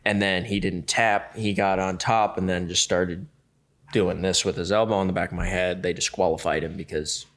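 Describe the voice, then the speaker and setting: A man telling a story as a podcast guest, lively and acting out the other people in it. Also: low-pitched, normal speed. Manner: lively, acts out the other people in his stories. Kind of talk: casual storytelling.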